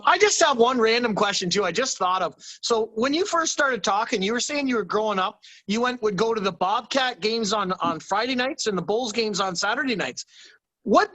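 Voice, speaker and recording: A man's voice: high voice, animated, fairly quick, bright, forceful tone, no room sound, rough recording. A man hosting a casual sports podcast, asking friendly, curious questions. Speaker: podcast host. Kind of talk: casual interview.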